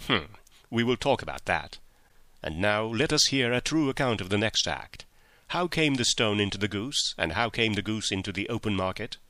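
A man playing a cool, commanding detective in an audiobook, speaking quietly and sternly with measured control. His voice sits low with a bright, forceful edge, recorded close and dry. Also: expressive, dry recording. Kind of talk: audiobook character reading.

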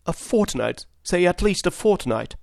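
A man's voice: a little high, sing-song, moderate pace, no echo, clean studio sound, pitched above the performer's own voice. A man voicing a proud butler who pleads in a strained, emotional voice. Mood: despairing. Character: desperate proud old male butler.

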